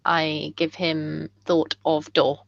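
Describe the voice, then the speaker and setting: A halting adventurer who talks in short, broken phrases, as a woman puts the voice on. The voice sits lower than her own and comes out clipped. The sound is close and dry. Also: little pitch movement, vocal fry, dry recording, dull audio, heavily acted. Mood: earnest.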